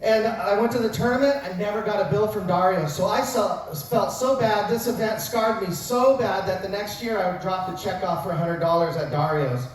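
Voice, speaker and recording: A man's voice: sits high, normal speed, hardly any pauses. A man in his fifties, a wrestling coach, telling funny self-mocking stories in an after-dinner speech. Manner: joking storyteller with self-mocking asides. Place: large banquet hall at a dinner event. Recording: very echoey hall recorded from far off, faint noise.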